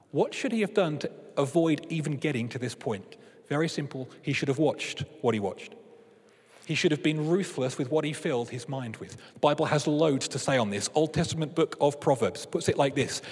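Man preaching, husky, higher voice, long reverb of a big hall. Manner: animated storyteller turning earnest and quiet. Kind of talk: sermon with comic storytelling.

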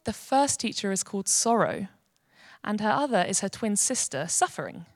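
Woman doing a kindly male shepherd, calm and measured, dry close sound. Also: mid-range voice, dry recording. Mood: reassuring. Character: gentle reassuring male shepherd, kindly master.

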